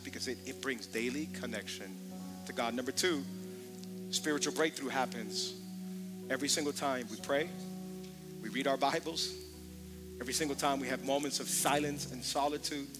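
A male pastor preaching a sermon, talking conversationally with repeated words and building to impassioned shouting. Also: mid-range voice, moderate pace, music in the background.

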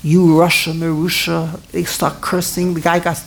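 A man teaching a Torah class in an animated way, often repeating himself and restarting his sentences. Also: a little high, normal speed, vocal fry, a little hiss or hum. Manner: animated, repetitive, stumbles and restarts mid-sentence.

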